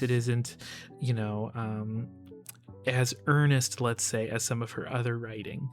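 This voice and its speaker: Relaxed man breaking down song lyrics. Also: medium pitch. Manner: relaxed, hesitant with many fillers, thinking aloud. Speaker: lyric analysis channel host. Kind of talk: casual analytical commentary.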